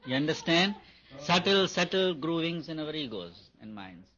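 A man's voice: a little high, sing-song, moderate pace, pushed and bright. A man giving a spiritual talk on meditation, repeating his points for emphasis. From India. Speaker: meditation teacher. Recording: dull lo-fi recording.

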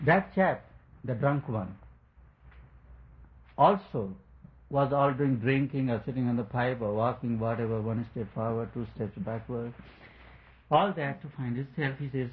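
A man's voice: medium pitch, measured pace, pauses often, narrow, tinny audio. Rambling man telling a parable. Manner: rambling, searching for words, chuckling. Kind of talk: storytelling spiritual talk.

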